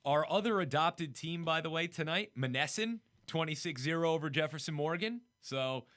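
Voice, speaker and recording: A man's voice: fairly high pitch, animated, fairly bright tone. A man with a North Jersey accent hosting a sports show, chatting casually and reading off scores. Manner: chatty, reads off scores quickly.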